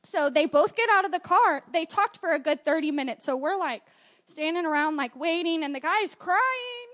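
A young woman gives a testimony in church. Her voice sits very high, and she tells her story in an animated, rambling way, full of "like" and "so". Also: moderate pace. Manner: animated storytelling with many fillers. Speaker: church member giving testimony. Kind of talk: excited spoken testimony.

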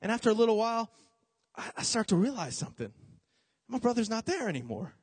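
A young man preaching a casual, storytelling sermon, animated and jokey, acting out voices as he tells it. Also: high voice, fast, slightly rough, dry recording.

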